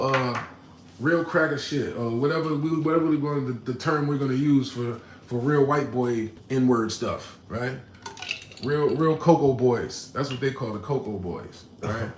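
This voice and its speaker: A man casually telling a personal story to his live chat, animated and slangy, often checking in with "right?". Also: mid-range voice, unhurried, roomy sound, a little hiss or hum.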